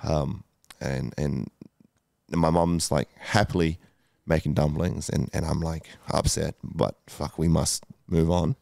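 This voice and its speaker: A man's voice: very deep voice, fairly even intonation, slow, gravelly, darkish tone, no echo, studio quality. A man, a guest telling a candid personal story, emotional, swearing often and using many fillers. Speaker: guest entrepreneur.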